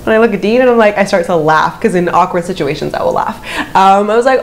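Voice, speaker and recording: Chatty woman telling a story. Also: fast. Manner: animated, chatty, acts out quotes with big pitch jumps. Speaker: vlogger. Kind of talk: casual storytime chat.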